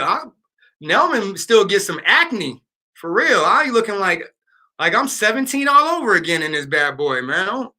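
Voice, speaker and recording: Here a man in his late thirties runs a casual livestream, his voice high, very bright and forceful. His talk is loose, sprinkled with fillers and slang, like he's reacting to what viewers have written.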